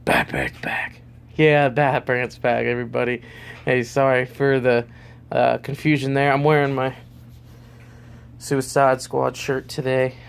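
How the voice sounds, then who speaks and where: Gravelly casual male vlogger. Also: medium pitch, flat delivery, measured pace. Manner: rambling, loose, lots of fillers. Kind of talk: casual vlog ranking.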